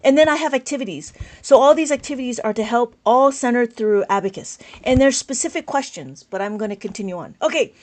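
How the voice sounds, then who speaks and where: A woman teaching an abacus lesson on a live stream, reading out viewer comments, speaking loudly and with enthusiasm. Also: on the high side, lively intonation, brisk, few pauses. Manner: loud, enthusiastic, passionate.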